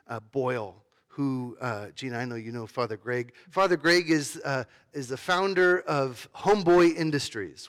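A man's voice: on the high side, a bit bright. A man giving a sermon as pastor, talking in a conversational way with fillers and restarts.

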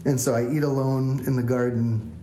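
A man's voice: medium pitch, little pitch movement, normal speed, mellow, slight background noise. A man, a pastor, telling a self-deprecating story as a sermon in a church. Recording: echoey church room.

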